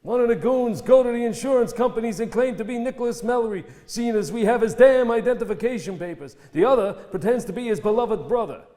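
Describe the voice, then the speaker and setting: An actor playing a scheming crime boss who gives cold, clipped orders in a stage play reading. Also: male voice, extremely high pitch, fast, few pauses, dark tone. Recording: reverberant theatre recording.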